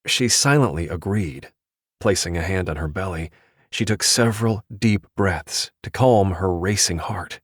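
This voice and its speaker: An audiobook narrator, a man with a low voice, tells the story in a measured, even manner. The sound is clean studio audio with no room sound.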